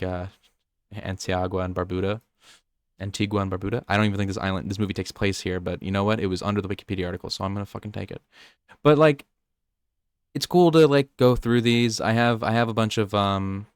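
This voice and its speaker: Young guy, rambly nerdy podcast chat, quick, smooth dry voice. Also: on the low side, no echo. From United States. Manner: rambling, nerdy, self-interrupting. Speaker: podcast co-host. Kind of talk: casual chat.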